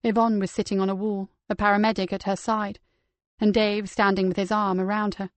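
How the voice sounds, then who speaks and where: A woman's voice: mid-range voice, flat delivery, a little fast, no room sound. Woman narrating a crime audiobook. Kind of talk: scripted crime fiction narration.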